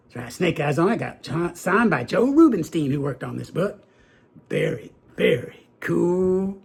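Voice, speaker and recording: A middle-aged man chats casually and eagerly as he unboxes his graded collection, repeating his favorite phrases. His voice sits a bit high, with a gravelly, husky edge. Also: very animated, measured pace. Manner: enthusiastic and folksy, repeats "very cool" and "that's right". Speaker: comic book collector and video host.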